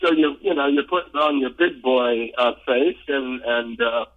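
A man's voice: mid-range voice, normal speed, narrow, tinny audio. An older man, a former ballplayer, telling long rambling stories in an interview, full of fillers and restarts. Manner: rambling, lively storyteller with many fillers and restarts. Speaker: former pro baseball player, interview guest. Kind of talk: relaxed anecdotal storytelling.

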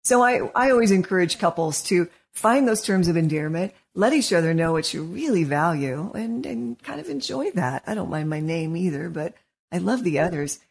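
A woman co-hosting a podcast as a marriage counselor, encouraging and quick to laugh in casual discussion. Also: fairly low pitch, expressive, vocal fry, husky. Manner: warm-hearted, encouraging, laughs easily.

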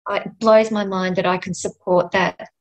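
Middle-aged Australian woman, gently emotional podcast guest, gravelly texture. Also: mid-range voice, fairly even intonation, normal speed, poor audio. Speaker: end of life doula and nurse, guest. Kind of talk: podcast interview, storytelling.

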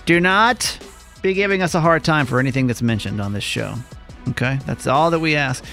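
A man in his late thirties co-hosting a podcast in casual, swearing, animated chat. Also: on the high side, brisk, vocal fry, soft background music. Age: 30s. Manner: animated, swearing, laughs often. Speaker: podcast co-host.

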